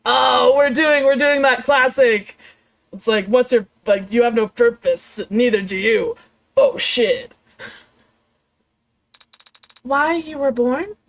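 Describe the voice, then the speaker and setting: A woman VTuber streamer giving casual, excitable commentary on a game, joking, swearing and laughing often. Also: on the high side, a little slow, vocal fry, rough recording.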